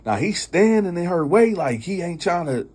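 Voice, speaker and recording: A man's voice: sits high, big pitch swings, moderate pace, a little mellow, slightly rough. A man telling a story in a loose, conversational way, often repeating "you know.". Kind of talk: casual spoken storytelling.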